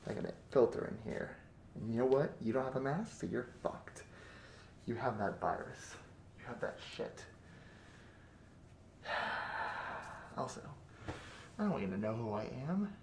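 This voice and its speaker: A man acting as a crude, menacing bandit captor in a 3D audio role-play, swinging between close whispers and loud taunts. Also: mid-range voice, sing-song, measured pace, long pauses, echoey room, a little hiss or hum.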